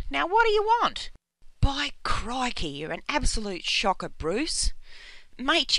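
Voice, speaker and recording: Brief: woman as a brash, insulting Australian shop girl, bright tone, dry booth. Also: medium pitch, no room sound, low-quality recording. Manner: brash, insulting, heavy slang. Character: feisty sharp-tongued woman bottle shop worker. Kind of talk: comedy sketch acting.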